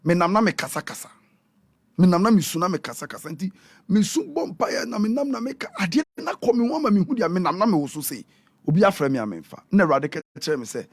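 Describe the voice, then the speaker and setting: A Ghanaian man, a prophet who guests on a radio talk show, preaching in a lively way and switching between Twi and English. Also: high voice, quick pace, husky, dry recording, studio quality. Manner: animated, mixes Twi and English, acts out quotes.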